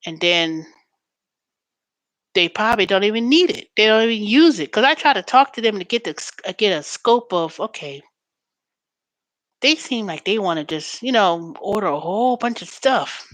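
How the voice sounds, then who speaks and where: A woman talking casually as a show host, rambling through stories in a relaxed, chatty way. Her voice sits at an ordinary middle pitch, and she gets animated when she mimics the people she deals with. The sound is dry and close, with no room echo. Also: moderate pace. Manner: chatty and storytelling, animated when quoting callers. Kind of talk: casual chat.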